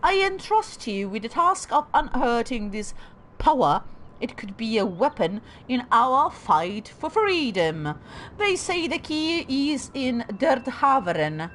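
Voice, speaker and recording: A pompous noble declaims a letter in a stilted, made-up accent, as a woman puts him on. The voice sits higher and louder than her usual talk. The delivery is stiff and theatrical. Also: sing-song, slow, slight background noise, full character voice. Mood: declaiming.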